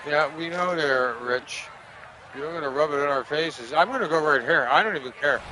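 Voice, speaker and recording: A man's voice: fairly high pitch, normal speed. A man casually commentating a golf video game, joking and cursing back at the game's commentators. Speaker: gaming streamer. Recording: game crowd and noise behind. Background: golf game crowd ambience.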